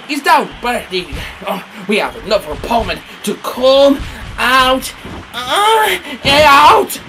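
A British man giving excitable, crude play-by-play of a mock wrestling battle, jumping between yelling and mumbling. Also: very high-pitched, slow, soft background music. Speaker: comic wrestling commentator. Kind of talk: over-the-top play-by-play commentary.

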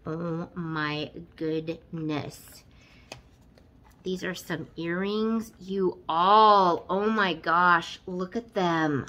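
Gushing woman vlogger with a bright voice. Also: on the low side, very slow. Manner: gushing, effusive, exclaims often. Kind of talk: casual unboxing chat.

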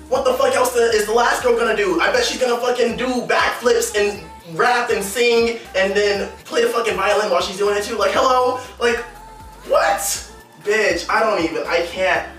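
A man hosting a music video reaction, exclaiming loudly and swearing, with shrieks at the high points. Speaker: YouTube reaction host. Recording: roomy echo, mic at a distance, music behind. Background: music video playing.

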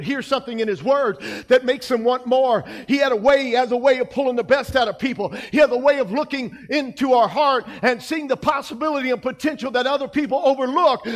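A male pastor preaching a sermon, emphatic, his delivery swinging between soft passages and loud ones. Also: extremely high pitch, in a large hall. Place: church sanctuary.

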